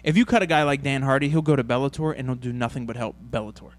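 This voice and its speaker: A man's voice: medium pitch, rapid-fire. A man co-hosting a casual sports chat show, crude and joking.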